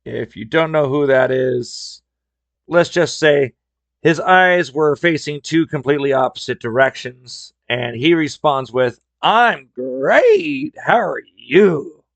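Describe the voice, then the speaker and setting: A man with a gravelly, slightly fried voice tells stories in a relaxed, wry podcast style. His pitch sits at an ordinary middle level for a man. The recording is dry and close, with no room sound. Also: moderate pace, no room sound. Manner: wry, conversational. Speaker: podcast host. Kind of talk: casual storytelling.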